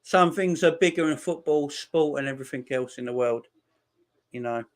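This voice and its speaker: A man hosting a live football watchalong, chatting casually, reading out viewer messages and repeating his shout-outs. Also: fairly high pitch, normal speed. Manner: rambling, repeats phrases. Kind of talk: casual live-stream chat.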